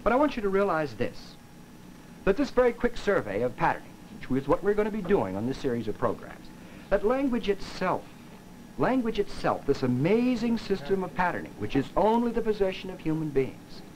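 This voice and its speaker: A man lecturing in an old educational film, his voice fairly high for a man and rising and falling with animated emphasis. He acts out his examples as he goes, pushing some words loud and dropping others soft. A faint hiss sits under the voice. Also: poor audio. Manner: demonstrative, acts out examples with voice and gestures.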